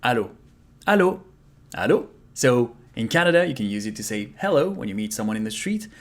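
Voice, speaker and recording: A man with a French accent, a native French speaker, teaching a video language lesson and repeating each word slowly for learners to copy. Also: mid-range voice, big pitch swings. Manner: slow, repeats words for practice.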